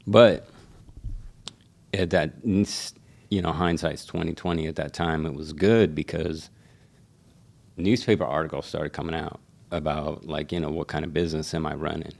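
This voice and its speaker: A middle-aged man from Seattle, a barber and shop owner, telling animated stories in casual chat and swearing freely. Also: a bass voice, normal speed, gravelly. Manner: animated storyteller who acts out quotes, swears freely. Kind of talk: casual storytelling.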